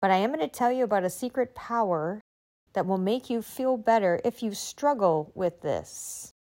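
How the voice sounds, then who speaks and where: A woman's voice: medium pitch, lively intonation, moderate pace, dark tone. Emphatic, encouraging woman giving a pep talk. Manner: emphatic, encouraging, with rhetorical questions. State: recovering from illness. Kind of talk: motivational talk.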